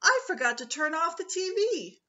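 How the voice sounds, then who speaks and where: A woman's voice: very high-pitched, sing-song, moderate pace, sharp tone, highs cut off, pitched above the performer's own voice, heavily acted. A woman voicing an earnest young male bear cub in a storybook.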